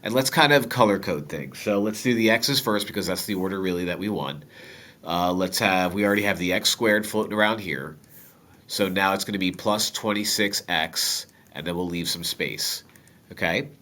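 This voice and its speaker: Deep nasal man with a cold. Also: normal speed. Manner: relaxed, joking asides to viewers. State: stuffy with a cold. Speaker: math teacher. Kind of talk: step-by-step math lesson.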